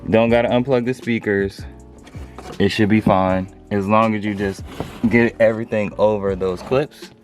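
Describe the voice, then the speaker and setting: A car DIY vlogger gives a casual, chatty how-to walkthrough for his channel, talking loosely as he works with his hands and films on a handheld phone. His voice is lowish, with fairly even intonation and normal speed, and music plays in the background.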